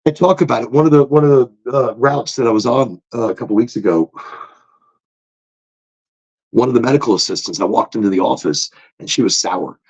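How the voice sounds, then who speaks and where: A man hosting a casual motivational podcast monologue, talking in a loose, animated way. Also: brisk. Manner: animated, swoops into high excited tones when retelling stories. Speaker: podcast host. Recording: dull lo-fi recording.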